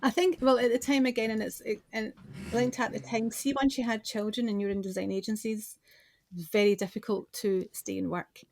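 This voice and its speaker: Speaking at a normal pace, her voice a little high and mellow with fairly even intonation, a Scottish woman in her forties guests on a podcast. She runs a business and designs, and her casual interview storytelling is full of restarts.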